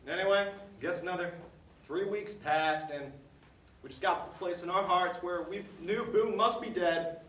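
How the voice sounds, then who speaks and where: A man's voice: high voice, normal speed, a bit bright, slight background noise. An actor on stage playing a folksy man, telling a rambling story about his dog. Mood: reminiscing. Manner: folksy, rambling, repeats himself. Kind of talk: stage monologue. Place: theater stage. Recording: echoey stage heard from a distance.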